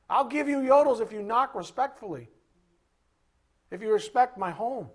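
A man giving a sermon as a Bible teacher, animated, asking rhetorical questions and acting out little scenes. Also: very high voice, a little fast.

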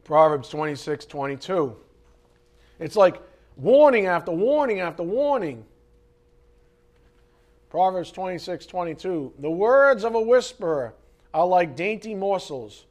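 Male preacher with a fairly high voice, delivering a dramatic sermon that swings between loud emphasis and hushed asides. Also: big pitch swings, a little slow, long pauses. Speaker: pastor.

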